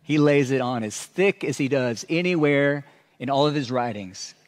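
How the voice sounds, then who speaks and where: A man's voice: mid-range voice, moderate pace. A man preaching a sermon as a pastor, telling stories and acting out sarcastic asides. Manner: animated storytelling with sarcastic asides.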